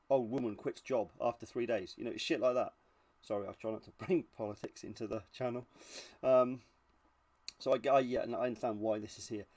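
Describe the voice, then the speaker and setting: A man's voice: mid-range voice, a little mellow. A man hosting his channel, giving casual reaction commentary in a blunt, sarcastic and sweary way. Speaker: channel host reviewing reenactor videos.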